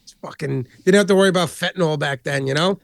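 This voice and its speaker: A man's voice: on the high side, quick pace, creaky, no room sound. A man co-hosting a podcast, chatting casually about movies and retelling scenes with lots of swearing and energy. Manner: profane, animated retelling of scenes. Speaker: podcast co-host.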